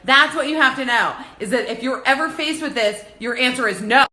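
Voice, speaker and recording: A woman in her thirties telling a story to her phone, excitable and breathless, often breaking into shrieks and laughter. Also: high-pitched, fairly quick. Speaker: vlogger. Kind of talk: rambling Instagram story.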